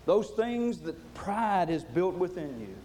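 A man preaching a sermon with passion, swinging from loud to hushed. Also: sits high, sing-song, slow, slight background noise.

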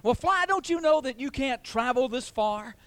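A man's voice: very high voice, expressive, moderate pace, a bit bright, no echo, voice pushed up. A preacher voicing a lone pilot musing aloud to a fly in his cockpit, in a raised, wry voice. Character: lone pilot muttering to himself mid-flight.

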